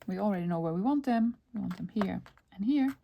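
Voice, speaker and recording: A woman's voice: mid-range voice, expressive, brisk, vocal fry, highs cut off, a little hiss or hum. Chatty woman talking to herself while crafting. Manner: chatty, talks to herself while working, laughs often. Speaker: crafting video host. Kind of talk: casual crafting tutorial chat.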